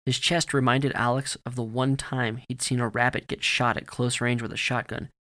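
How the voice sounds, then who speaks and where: A man reading a story aloud in a steady, grave narrating manner. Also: mid-range voice, normal speed.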